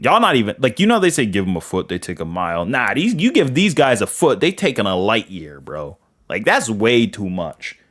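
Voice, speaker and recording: A young man with a Boston accent hosting a livestream, rambling casually and acting out quoted dialogue. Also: fairly low pitch. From New England. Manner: rambling, animated, full of fillers and quoted dialogue. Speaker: livestream host.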